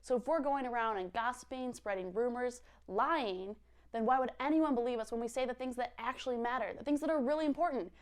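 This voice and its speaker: A young woman with a slightly high voice teaches a Bible lesson on video. She is chatty and bubbly, and she giggles easily as she talks to the viewers. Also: a little fast.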